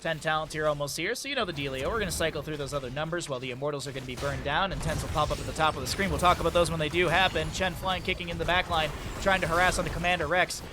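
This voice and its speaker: A man casting an esports match solo, excitable on big plays and joking with chat between them. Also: fairly high pitch, rapid-fire, few pauses, over music. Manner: chatty, jokes with viewers between plays. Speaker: esports caster. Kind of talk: solo play-by-play commentary with chat asides.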